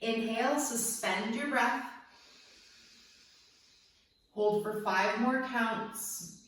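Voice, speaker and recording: A woman leads a guided yoga class in a gentle, upbeat voice that sits a little high. She cues breaths and poses cheerfully and laughs easily. The room is very echoey and she stands some distance from the mic. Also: drawn-out words, slight background noise. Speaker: yoga instructor.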